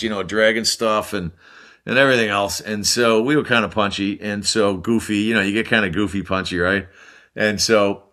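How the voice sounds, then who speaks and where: Older American man, bright lowish voice, lively anecdote-teller on a podcast. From United States. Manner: animated anecdote-telling with mimicked voices and laughs. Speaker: podcast guest, former hockey player. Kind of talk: casual storytelling.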